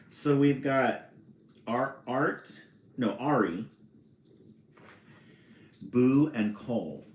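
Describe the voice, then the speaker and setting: Brief: low-voiced man reading picture books aloud and chatting, very unhurried, in a roomy space with faint ambience. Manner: slow, relaxed, chatty with small laughs. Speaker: storybook reader on a live stream.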